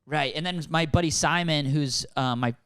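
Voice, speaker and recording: A man's voice: normal speed, clear, resonant tone, no echo, studio quality. A young man co-hosting a podcast, telling a rambling story with lots of laughter and acted-out quotes. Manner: animated, laughing, acts out quotes in a higher voice. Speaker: podcast co-host. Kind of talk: casual storytelling chat.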